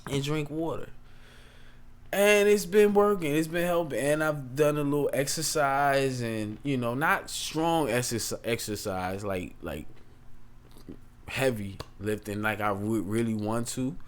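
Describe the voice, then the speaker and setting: A man talks through a tech tutorial in a loose, chatty way, drifting off topic before he comes back to it. His voice sits at an ordinary pitch, and his speech carries features. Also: unhurried. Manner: chatty, rambling, digressive. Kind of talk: casual screen-share tutorial.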